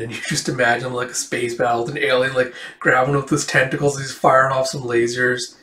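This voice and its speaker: A man's voice: medium pitch, flat delivery, brisk, few pauses, sharp tone. A man reading through a comic book in a casual, rambling way, reading the characters' lines aloud and laughing now and then. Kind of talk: casual comic read-through with quick voices. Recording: echoey room, voice a bit off-mic.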